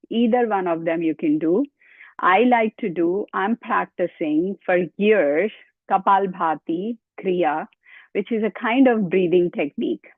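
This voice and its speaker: A woman's voice: medium pitch, no room sound. A woman leading a yoga lesson, counting out repetitions and giving step-by-step cues, sometimes out of breath. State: out of breath at times. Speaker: yoga instructor. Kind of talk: guided exercise instruction. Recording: tinny phone-like dry sound.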